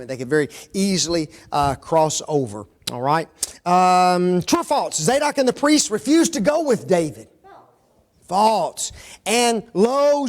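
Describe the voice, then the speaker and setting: Teaching Bible study from the front, this high-pitched male preacher quizzes his class and echoes what they say. He regularly checks in with tags like "okay?" and "don't they?" throughout the interactive sermon.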